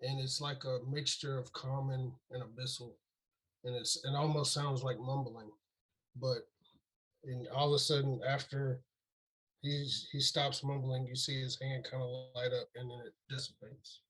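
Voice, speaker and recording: A man's voice: medium pitch, little pitch movement, a bit bright, rough recording. Man player describing a healing spell. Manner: halting, with many fillers. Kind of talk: describing his character's actions in a tabletop game.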